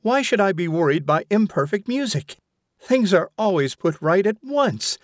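Male reader playing a petulant, complaining mother, pitched high, lively swoops, dry sound. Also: moderate pace, no room sound. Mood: indignant. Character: imperious, fretful woman, a mother.

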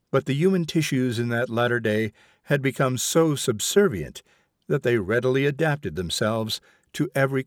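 A man narrating a story in a measured, expressive reading. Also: medium pitch, no echo, studio quality. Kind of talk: audiobook narration.

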